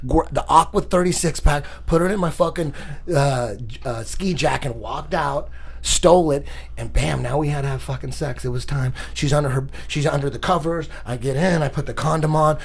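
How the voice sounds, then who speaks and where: A man telling crude stories in a casual chat, profane and animated, punching them up with sound effects. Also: on the high side, moderate pace, creaky, breathy edge. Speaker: podcast guest.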